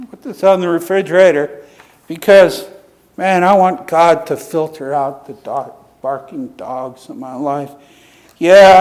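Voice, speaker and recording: A man preaching a sermon as pastor, telling personal stories in a conversational way, acting out quoted voices and closing in prayer. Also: a little high. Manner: conversational storytelling preacher, quick bursts and lively quoted voices.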